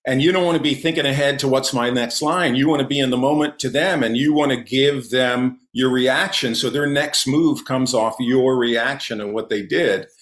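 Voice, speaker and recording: A male comedian and magician chatting as a podcast guest, spinning stories with lively, animated energy and a big, loud laugh. He sits at a medium pitch, and the recording picks up a noticeably roomy echo from the space he's in at home. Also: normal speed, hardly any pauses. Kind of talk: casual podcast interview storytelling.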